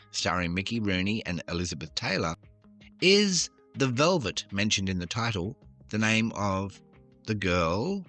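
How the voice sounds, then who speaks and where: A man's voice: lowish voice, fairly bright tone. A man hosting a trivia podcast, reading questions with jokey, self-deprecating asides. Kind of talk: casual quiz podcast.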